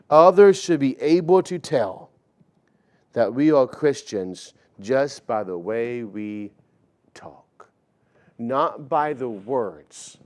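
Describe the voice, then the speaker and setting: Preaching with a darkish, mid-range voice, a forties-aged man tells his sermon as a conversational story. Quoted lines get acted out in different voices, and he often stumbles and repeats himself.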